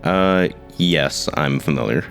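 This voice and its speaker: A man's voice: very deep voice, takes it slowly, creaky, fairly bright tone, soft background music. A man playing a tabletop game, answering with dry, wry banter. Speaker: player. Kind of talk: tabletop role-play banter.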